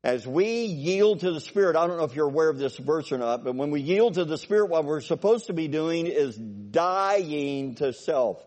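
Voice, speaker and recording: An older male preacher delivers a sermon with a slightly raised pitch. He swings from loud, rising exhortation down to hushed, reflective asides. He calls on the congregation for amens. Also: moderate pace, hardly any pauses. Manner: animated, swings from loud exhortation to quiet musing.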